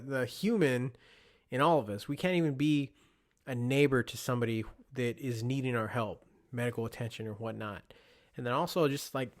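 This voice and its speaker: A young father hosts his podcast alone, musing aloud in a loose, conversational ramble. His voice sits at an ordinary middle pitch. He drifts into anecdotes as he goes. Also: a bit bright. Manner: rambling, conversational, with storytelling asides. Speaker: podcast host. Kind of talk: casual solo monologue.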